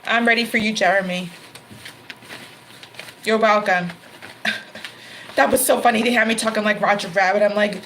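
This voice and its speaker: A woman's voice: mid-range voice, steady tone, moderate pace, pauses often, pushed and bright, slight background noise, low-quality recording. A woman hosting a live-stream tarot reading, talking casually to viewers by name and laughing often.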